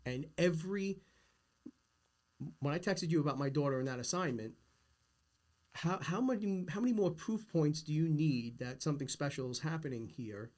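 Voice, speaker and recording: A man's voice: a little high, expressive, normal speed, pauses often, darkish tone. A middle-aged man hosting a podcast, talking earnestly and emphatically in a philosophical, casual conversation. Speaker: podcast host.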